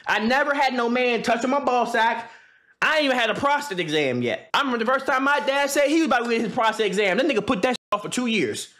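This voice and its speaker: High-voiced young man ranting to chat. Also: fast talker. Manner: animated, slangy and joking, many restarts and impressions. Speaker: streamer. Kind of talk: casual rant to a live stream chat.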